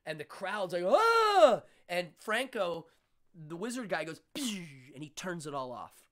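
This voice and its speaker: Man, talk show host, animated storyteller, lively swooping pitch, casual chat. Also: normal speed.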